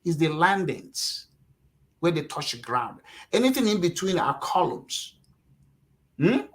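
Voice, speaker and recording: A middle-aged man from Nigeria, talking casually as a guest, animated and acting out quotes, with lots of "you know". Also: fairly high pitch, a little slow, poor audio. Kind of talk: casual interview talk.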